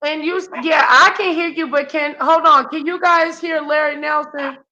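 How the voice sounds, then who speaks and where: A woman's voice: high-pitched, steady tone, moderate pace, pushed and bright, dull audio. A woman hosting a casual live-stream chat, exclaiming often and teasing her callers. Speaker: host.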